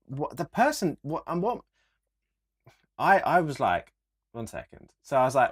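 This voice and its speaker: A young man, co-hosting a casual podcast and telling stories in an animated, sweary rant. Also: fairly high pitch, normal speed, long pauses, husky. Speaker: podcast co-host. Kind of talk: casual chat.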